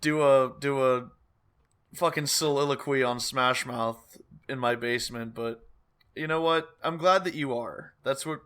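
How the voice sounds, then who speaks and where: Chill guy co-hosting, kinda wry, swears a bit, bright voice. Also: mid-range voice, a little slow, clear, resonant tone. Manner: laid-back, wry, swears casually. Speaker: podcast co-host. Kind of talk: casual podcast chat.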